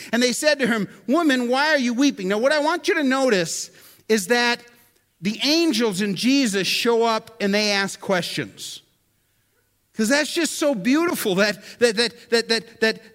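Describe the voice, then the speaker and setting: A man with a very high voice preaches in a loose, conversational sermon. He keeps turning to the listeners with questions and often stumbles over and repeats words. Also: a bit bright. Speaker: pastor.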